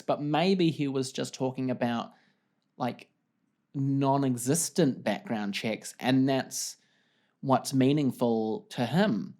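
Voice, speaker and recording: A man's voice: medium pitch, slow pace, warm tone. A man hosting a casual solo podcast, rambling and self-deprecating, talking into a desk mic at home. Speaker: podcast host. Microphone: desk mic, wearing headphones.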